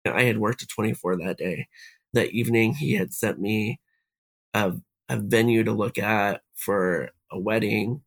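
A man's voice: on the low side, a little slow, creaky. A man, a podcast guest, telling a personal story step by step and quoting each exchange.

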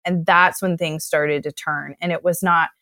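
A woman's voice: deep voice, fairly even intonation, normal speed, sharp tone, dry recording, clean studio sound. A young adult woman telling her own story on a podcast, emotional and full of "like", acting out her past thoughts.

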